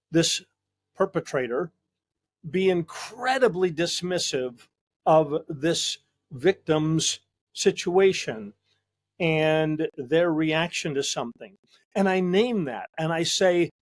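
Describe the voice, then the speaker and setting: A man with a fairly high voice speaks slowly and deliberately. He is a psychologist hosting a discussion show. He talks earnestly and emphatically, often repeating a word as he begins a sentence. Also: lively intonation. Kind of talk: conversational discussion.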